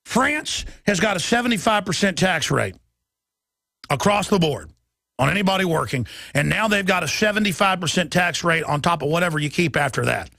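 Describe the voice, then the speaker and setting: Gravelly, high-pitched ranting man. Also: animated, no echo, clean studio sound. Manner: impassioned, shouting, rapid-fire ranting. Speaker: talk radio host. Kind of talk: ranting political talk show.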